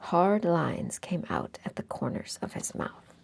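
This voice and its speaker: A woman reading a classic novel aloud in a hushed, breathy, unhurried manner. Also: fairly low pitch, sing-song. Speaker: audiobook reader. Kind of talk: audiobook narration in a breathy whisper.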